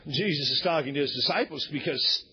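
A male pastor preaches in an emphatic style, climbing to shouted points and then dropping low. His voice sits high and sounds husky. The recording is dull and lo-fi. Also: brisk. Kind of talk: sermon.

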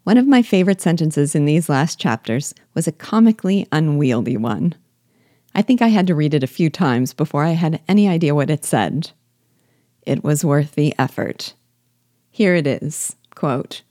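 Low-voiced woman musing on a novel. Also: animated, moderate pace, dark tone, no echo, clean studio sound. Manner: thoughtful, wry, reads book passages aloud. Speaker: host guiding listeners through a novel. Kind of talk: literary commentary podcast.

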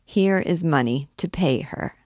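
A woman's voice: low voice, a little slow, a little mellow, no room sound, clean studio sound. A woman reading as a cold cloaked stranger. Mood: bitter. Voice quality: sepulchral. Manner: cold, bitter, menacing. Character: cloaked man, cold and sinister.

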